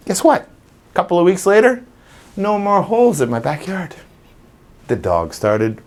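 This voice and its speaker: A man who trains dogs, talking informally to a live audience and acting out scenes with little voices. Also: a little high. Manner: animated, acts out scenes with voices. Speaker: dog trainer.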